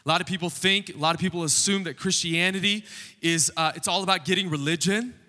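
A man preaches a sermon in a church, his fairly high voice bright and forceful. He talks to the congregation conversationally and tosses in joking asides. A long reverb from the hall trails behind his words. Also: steady tone, fast talker. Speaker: pastor. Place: church sanctuary.

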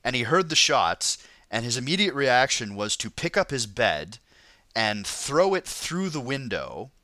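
A man's voice: medium pitch, big pitch swings, measured pace, bright, forceful tone, no room sound, clean studio sound. Rambling, giggly male podcast host. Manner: rambling storyteller, laughs a lot, many fillers. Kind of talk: casual podcast chat.

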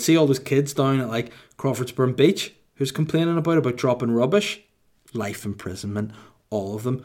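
Northern irish guy in his 30s, casual q&a chat, deadpan mock-boasting banter, mid pitch. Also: brisk. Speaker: host answering listener questions.

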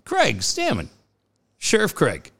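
A middle-aged man, co-hosting a sports talk show and telling stories in an excitable, profane way. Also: a little high, slow, vocal fry, breathy edge. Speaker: sports radio co-host. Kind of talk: casual chat.

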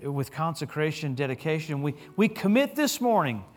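Middle-aged guy preaching in church, kinda high voice, jokey and animated storytelling. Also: a little fast. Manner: animated storytelling with humor, lively pitch swings. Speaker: guest preacher. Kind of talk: sermon.

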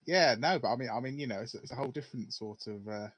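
A man with a British accent in a casual podcast chat, talking haltingly and laughing easily. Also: medium pitch, breathy edge, dry recording. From Britain. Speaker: podcast panelist.

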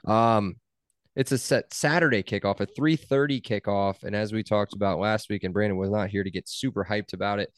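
Low-voiced man hosting a sports podcast. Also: steady tone, a little fast, clear, resonant tone, no room sound, studio quality. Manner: wry, teasing. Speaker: podcast host. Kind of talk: casual sports podcast chat.

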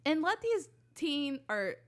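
A woman's voice: high-pitched, very animated, takes it slowly. A young woman co-hosting a casual chat show, talking loosely with lots of fillers and frequent laughter. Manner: chatty, lots of "like", laughs often. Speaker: podcast co-host.

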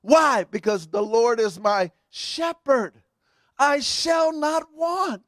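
Man, middle-aged, pastor, high voice, dry close sound, call-and-response sermon, shouted emphasis. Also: slow pace, dry recording.

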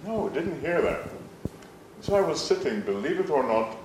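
A man from Jamaica, telling a personal story in a soft, musing way with some gentle self-mockery. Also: a little high, sing-song, moderate pace, reverberant, a little hiss or hum, poor audio.

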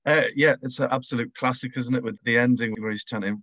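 A man's voice: medium pitch, steady tone, fast talker, fairly bright tone, no room sound. A man chatting casually and enthusiastically, rambling through his ideas. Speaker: writer and panelist. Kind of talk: casual chat. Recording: dull lo-fi mic.

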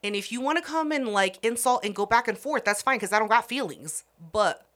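Brash bright-voiced woman podcaster. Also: fairly high pitch, lively intonation, brisk. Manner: blunt, brash, profane and teasing. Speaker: podcast co-host. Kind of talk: casual podcast chat.

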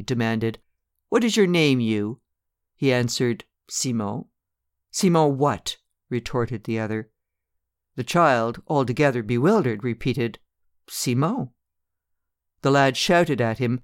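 A man narrating a classic short story in a measured, steady storytelling manner. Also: mid-range voice, no room sound, clean studio sound.

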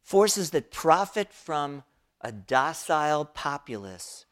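A man preaching a reflective sermon, speaking in an unhurried, thoughtful way. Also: fairly high pitch, sing-song, fairly bright tone. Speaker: pastor.

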